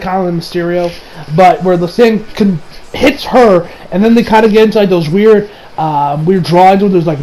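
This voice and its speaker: A man's voice: high voice, warm tone, a little hiss or hum, poor audio. A man recapping an anime episode in a casual, rambling way, swearing and correcting himself as he goes. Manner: rambling, profane, self-correcting. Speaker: anime reviewer.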